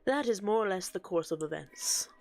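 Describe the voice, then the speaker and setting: A woman reading game dialogue aloud for an earnest, scholarly male occult researcher, with a measured, explanatory delivery. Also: medium pitch, lively intonation, creaky, a little mellow.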